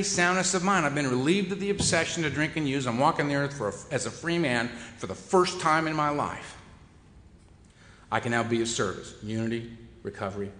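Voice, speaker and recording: A man with a mid-range, fairly bright voice gives a wry, self-deprecating recovery talk full of humor to a meeting hall. The echoey hall adds long reverb, and there is slight background noise.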